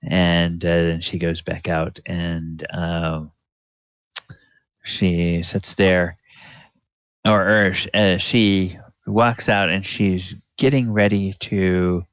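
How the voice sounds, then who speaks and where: Slow deep-voiced male dungeon master. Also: flat delivery, no room sound, highs cut off. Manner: halting, many fillers. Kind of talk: narrating a tabletop game.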